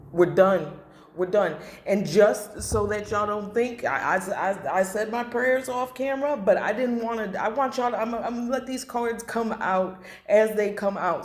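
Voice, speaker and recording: A woman doing a blunt, emotional tarot reading to camera, repeating phrases and swearing. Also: medium pitch. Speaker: tarot reader. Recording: echoey room.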